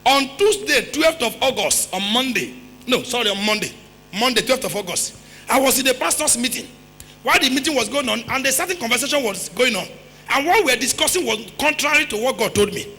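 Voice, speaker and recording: High, bright-voiced Nigerian preacher. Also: male voice, lively intonation, fairly quick. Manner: emphatic preaching, repeats phrases, rhetorical questions, bursts into shouts. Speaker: pastor. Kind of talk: sermon. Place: church hall. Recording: reverberant church hall with faint music.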